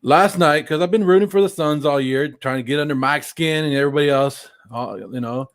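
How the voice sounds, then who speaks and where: A man co-hosting a sports podcast, his voice sitting slightly high for a man. He trades laid-back, teasing remarks in loose, unhurried chat. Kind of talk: casual sports talk.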